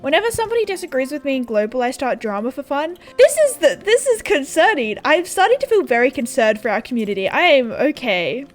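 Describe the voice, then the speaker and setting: A young woman with an Australian accent rambles casually over her gameplay, her voice sitting a touch high. She is sarcastic and chatty and laughs easily, with soft music playing faintly behind her. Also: very animated, fast, hardly any pauses. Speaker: gaming YouTuber. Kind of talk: casual chat while playing a game. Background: faint background music.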